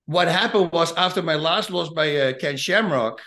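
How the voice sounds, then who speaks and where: A middle-aged man with a Dutch accent, a retired fighter telling lively stories as a guest and acting out the voices in them. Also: a little high, moderate pace. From Netherlands. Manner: animated, acts out voices in his anecdotes. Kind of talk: casual storytelling.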